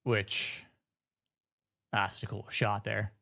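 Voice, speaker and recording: A man's voice: lowish voice, level tone, extremely slow, vocal fry, sharp tone, dry recording, studio quality. A man giving casual reaction commentary on a TV episode, blunt, profane and joking. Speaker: show reviewer.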